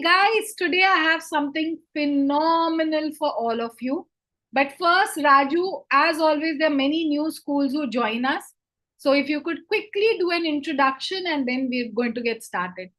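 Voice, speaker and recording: A woman hosting a live online session for school students, greeting them by name and leading energetic call-and-response chants over a video call. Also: high-pitched.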